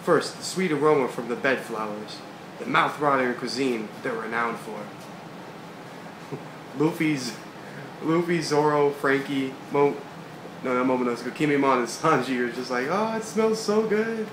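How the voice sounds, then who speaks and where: In an echoey room with background hiss, a man with a mid-range voice reads a comic at a moderate pace. As the read-along host, he adds casual, laid-back commentary full of slang.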